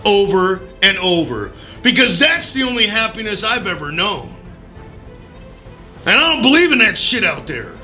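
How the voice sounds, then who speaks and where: A man giving an animated motivational talk about recovery, acting out scenes and using mild profanity. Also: very high voice. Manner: animated, acts out his own voice in quotes, loud bursts. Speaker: recovery speaker.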